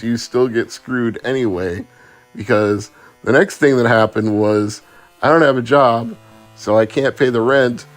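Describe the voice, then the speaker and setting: A man with a mid-range voice reviews a retro homebrew game in a sardonic, chatty tone. He narrates his playthrough like a running story, with faint music playing in the background. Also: medium pitch. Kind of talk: casual video game review.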